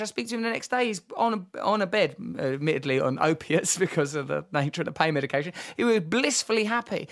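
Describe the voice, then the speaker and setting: A man, hosting a podcast and telling candid stories in a vivid, animated way, with fillers and restarts. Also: sits high. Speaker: podcast host. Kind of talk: candid conversational storytelling.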